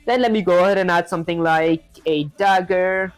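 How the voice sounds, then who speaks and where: A woman's voice: on the low side, fairly even intonation, brisk, no room sound, faint music behind, low-quality recording. A woman streaming herself learning to code, talking through each step in a chatty way and answering viewers' comments, with a non-standard English accent. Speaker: programming streamer. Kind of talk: live coding stream, thinking aloud.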